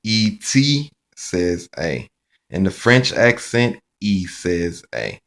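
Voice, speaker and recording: A man teaching a phonics lesson, chanting each sound card in a slow, repetitive sing-song drill. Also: deep voice, big pitch swings, gravelly, a bit bright.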